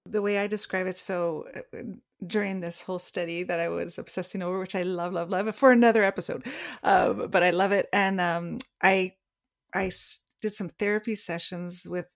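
A woman co-hosting a podcast in casual chat, telling stories animatedly and slowing down to stress key words. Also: lowish voice. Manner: animated storytelling, slows down for emphasis. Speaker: podcast co-host.

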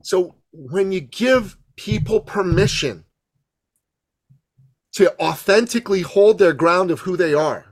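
Guy guest on a podcast, lively sing-song storytelling, bit of a high voice, keeps stumbling on words. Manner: excitable, repeats words, acts out quotes. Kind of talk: animated storytelling.

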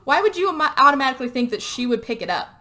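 A woman hosting a podcast, recapping a movie in casual chat, telling it with animated energy, acting out the lines and swearing freely. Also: sits high, very fast. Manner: animated storytelling, acting out quotes with frequent swearing and fillers. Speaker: podcast host.

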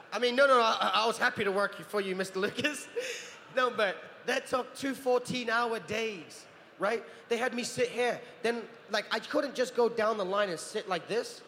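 A man in his thirties, a guest actor at a convention panel, telling lively anecdotes and acting out the people he quotes. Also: high-pitched, normal speed. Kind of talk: Q&A storytelling. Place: large convention hall. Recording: echoey hall with long reverb, faint noise.

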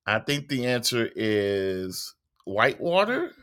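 Band teacher guy on a podcast, bright voice, kinda hesitant, thinks out loud. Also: medium pitch, sing-song, takes it slowly. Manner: thinks aloud, hesitant with restarts. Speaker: university band educator. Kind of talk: casual chat.

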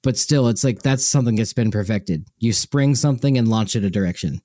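A man's voice: medium pitch, a little fast, mellow, no room sound, clean studio sound. A young man co-hosting a podcast, chatting casually and often losing his train of thought. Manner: meandering, loses the thread. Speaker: podcast co-host. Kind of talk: casual chat.

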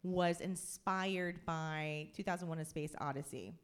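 A woman's voice: deep voice, clean tone. Teasing woman co-host at a live show. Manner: teasing, quick to laugh, plays along with bits. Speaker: podcast co-host. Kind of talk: live comedy podcast banter. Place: comedy club stage before a live audience. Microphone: handheld stage microphone.

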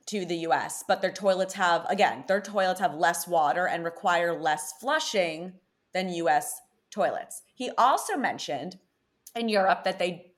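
A young woman from Connecticut hosting a podcast, telling dating stories in an animated, chatty way full of "like". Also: on the low side. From Connecticut, USA. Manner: chatty, animated storytelling with frequent "like". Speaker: podcast host. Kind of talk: casual chat.

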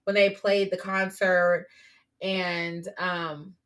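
Bright-voiced woman podcast co-host. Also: lowish voice, little pitch movement, very slow. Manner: playful, laughs often, teasing. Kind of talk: casual chat about anime.

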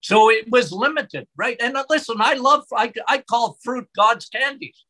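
A bright, forceful male voice of a middle-aged doctor talking about health. He gets excitable and his pitch climbs as his passion builds. He delivers short, emphatic statements. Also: normal speed. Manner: excitable, voice rises when excited. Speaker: doctor, podcast guest.

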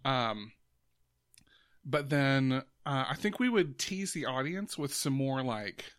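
A man's voice: medium pitch, animated, slow pace, a bit bright, no room sound, clean studio sound. A man in casual conversation, telling an idea in a rambling way with many fillers and restarts. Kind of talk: casual chat.

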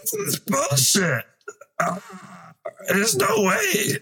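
A man playing a doctor with a wrecked, squeaky, raspy voice in a comedy sketch. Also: huge pitch swings, drawn-out words, bright, forceful tone, full character voice. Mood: disgruntled. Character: doctor with a ruined high squeaky voice.

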